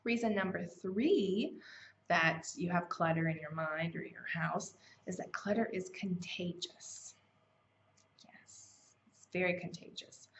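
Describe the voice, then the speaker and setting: Woman, casual motivational teacher, chatty, lowish voice, dull lo-fi recording. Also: gravelly. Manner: conversational, chatty, with fillers and self-corrections. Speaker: self-help challenge host. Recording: slightly dull, lo-fi sound.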